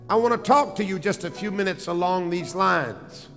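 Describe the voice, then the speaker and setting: A man's voice: sits high, normal speed, few pauses, a bit bright, long reverb tail, faint music behind. A man preaching a sermon as pastor, calling out emphatically to his congregation. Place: church sanctuary.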